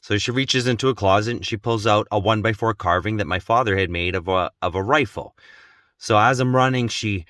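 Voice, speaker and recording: An adult man telling a personal story in an emotional, intense way, growing slow and quiet at its gravest. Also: lowish voice, dry recording, studio quality. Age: adult, has children. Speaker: vlogger.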